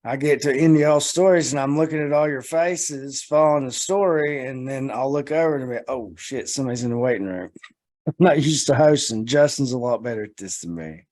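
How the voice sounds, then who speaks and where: A man's voice: a little high, normal speed, darkish tone, dry recording. Easygoing man hosting a casual chat. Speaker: stand-in host.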